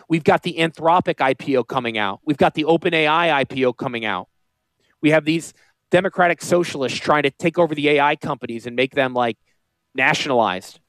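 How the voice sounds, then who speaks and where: A man with a northern US accent hosting a radio show, talking in a high-pitched voice, joking and rambling off on tangents. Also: dry recording. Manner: animated, joking, goes off on tangents. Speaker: radio show host and financial planner.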